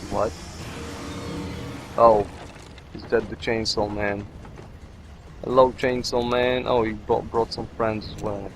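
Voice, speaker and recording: A man's voice: fairly low pitch, flat delivery, takes it slowly, pauses often, a little hiss or hum, low-quality recording. A man who is not a native English speaker, rambling and joking as he comments on his gameplay. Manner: rambling, jokey, talks to himself. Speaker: let's play commentator.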